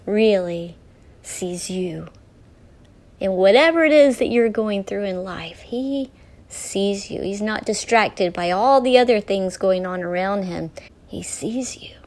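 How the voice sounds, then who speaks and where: A woman hosting a devotional talk while she paints, telling the story earnestly and often dropping to a near whisper. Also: medium pitch. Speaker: host.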